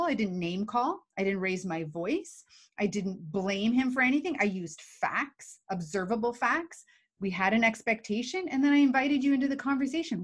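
A woman, a guest expert on emotional intelligence, talking in a casual live video chat and acting out examples as she explains. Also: a little high. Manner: animated, explains with acted examples.

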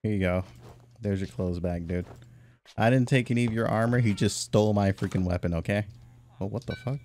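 Low-voiced man, swearing gaming commentary. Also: fairly even intonation, fairly quick, a little hiss or hum. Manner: swears often, jumps to loud high-pitched outbursts when annoyed. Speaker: gaming YouTuber. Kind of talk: casual let's-play commentary.

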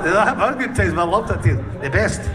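A man telling rowdy stories in a casual interview, swearing constantly and breaking into laughter. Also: sits high. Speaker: punk band singer. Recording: distant mic with faint background noise.

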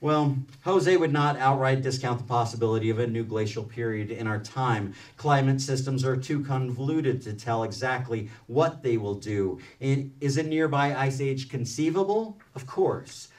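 A man reads from his book to a library audience, easing into loose, rambling asides full of "uh" and restarts. His voice sounds set back from the microphone, with a mid-range pitch. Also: moderate pace, few pauses, a little mellow, recorded from a distance. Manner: reads aloud, then speaks loosely with many fillers and restarts. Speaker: author reading from his book. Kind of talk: book reading mixed with casual storytelling. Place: public library event room.

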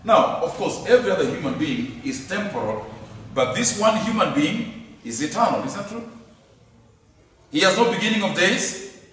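A man's voice: high voice, animated, moderate pace, pauses often, a bit bright, slight background noise. A man teaching a lesson on scripture, speaking emphatically, repeating key phrases and asking rhetorical questions. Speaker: Bible teacher. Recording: echoey hall from far off.

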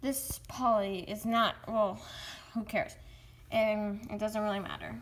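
A woman's voice: mid-range voice, steady tone. A young girl chatting casually about her pets, rambling and restarting often. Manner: rambling, halting, full of restarts. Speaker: vlogger. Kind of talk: casual pet vlog.

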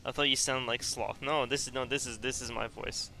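A man's voice: mid-range voice, steady tone, brisk, bright, forceful tone, faint music behind. A man chatting casually on a voice call while gaming, often stumbling and restarting his sentences. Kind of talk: casual chat.

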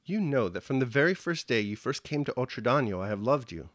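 A man's voice: medium pitch, very animated, a little fast, no room sound, clean studio sound, close to an everyday voice. A man voicing an eager, emotional young noblewoman in an audiobook reading, with breathless, pleading questions.

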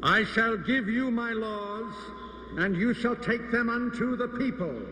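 An actor voicing God in an old film, proclaiming solemnly with long hall reverb. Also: male voice, extremely high pitch, a little slow, sharp tone, a little hiss or hum, heavily acted. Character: booming male voice of God.

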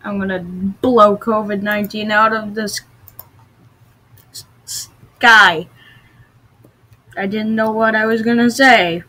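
Lady playing a video game, gets dramatic and loud, bright kinda husky voice, slow talker. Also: mid-range voice, rough recording. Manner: excitable, dramatic outbursts; plays at odd voices. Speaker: gamer. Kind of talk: casual gameplay commentary.

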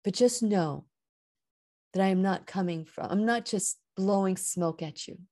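A woman's voice: mid-range voice, unhurried, mellow. A woman hosting a radio show, giving an earnest, heartfelt inspirational talk about faith, and rising and falling with emphasis.

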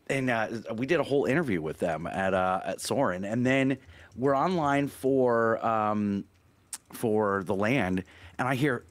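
A man hosting a podcast, telling stories in a rambling, animated way with many restarts. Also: medium pitch, normal speed, dry recording. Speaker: podcast host. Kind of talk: casual podcast chat.

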